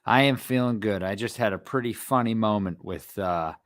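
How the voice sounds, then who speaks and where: A man's voice: fairly low pitch, normal speed. A man in his thirties, podcast co-host, telling a funny family story in casual chat and acting out the voices. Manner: animated storyteller, acts out quotes.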